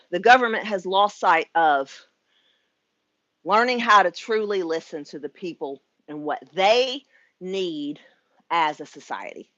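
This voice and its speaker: A woman's voice: lowish voice, a bit bright, no room sound, muffled recording. A middle-aged woman from the United States, a spiritual life coach venting frankly to her viewers at home, chatty, swearing and laughing, sweaty. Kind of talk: casual vlog rant.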